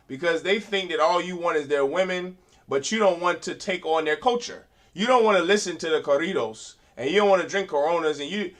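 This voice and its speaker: A man teaching a class in an emphatic preaching style, asking rhetorical questions and rising to loud, forceful delivery. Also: fairly high pitch. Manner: uses rhetorical questions and quoted voices.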